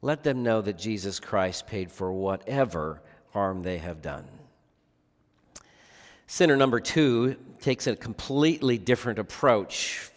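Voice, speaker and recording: A man's voice: lowish voice, lively intonation, measured pace. A man preaching a sermon as pastor, earnest, often asking the listeners rhetorical questions. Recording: long reverb of a large hall.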